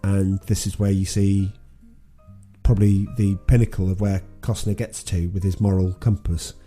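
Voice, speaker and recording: A man's voice: deep voice, flat delivery, normal speed, dark tone, faint music behind. A man co-hosting a podcast, casually retelling a film plot with many ums and restarts. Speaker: podcast co-host. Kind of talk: casual film recap chat.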